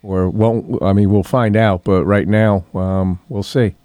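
An older man hosts a morning talk radio show from a studio. His voice sits low and mellow, and the sound is close and dry. He rambles along in a folksy way, full of ums and throat clearing. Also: fairly even intonation, measured pace, no echo. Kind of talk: casual talk radio monologue.

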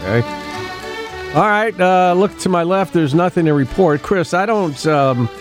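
With music playing in the background, this middle-aged local radio host speaks in a high voice with lively intonation and an unhurried pace. It's casual morning talk from the studio, and he chuckles often and loses his place in his notes.

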